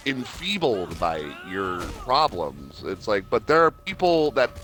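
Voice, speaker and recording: A man's voice: lowish voice, sing-song, unhurried, a bit bright, faint music behind. A man streaming a game, chatting casually in a rambling, profane way full of fillers. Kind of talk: casual chat while gaming.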